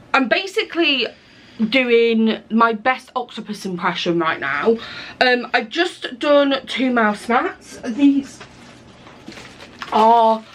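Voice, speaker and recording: A woman's voice: a little high, slight background noise. A young woman chatting casually to camera in a small indoor studio, rambling and interrupting herself as she talks. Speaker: small business owner and illustrator vlogging.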